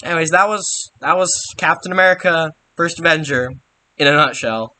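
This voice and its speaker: A man's voice: fairly high pitch, normal speed, sharp tone. A young man giving a rambling, sarcastic casual recap of a film, full of filler words. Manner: rambling, sarcastic, frequent mild swearing substitutes. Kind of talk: casual comedic movie recap.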